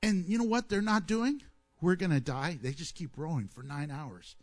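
A man delivers a sermon at normal speed over soft background music. He tells stories with animation, poses questions to the listeners and answers them himself, and acts out quoted voices with swings in pitch and loudness.

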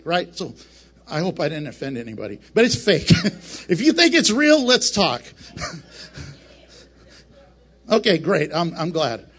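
A man preaching a casual, joking Bible lesson to a camera, animated and prone to breaking off mid-sentence. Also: fairly high pitch, breathy edge. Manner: animated, joking, self-interrupting. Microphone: camera mic up close.

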